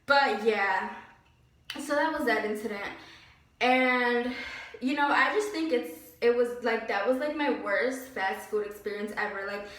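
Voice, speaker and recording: A young woman vlogger telling a story about a bad job in a casual, animated and indignant way, with lots of "like". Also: a little high, measured pace. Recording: very echoey room, slightly distant mic.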